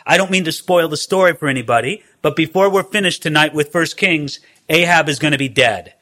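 A man's voice: a little high, fairly quick, bright, forceful tone. A man teaching a Bible study in a conversational way, with wry asides.

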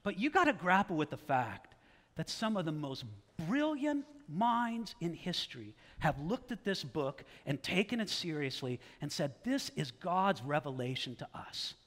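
A male pastor preaching a sermon in an animated style, firing rhetorical questions and challenges at his listeners. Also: fairly high pitch, unhurried. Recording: long hall reverb.

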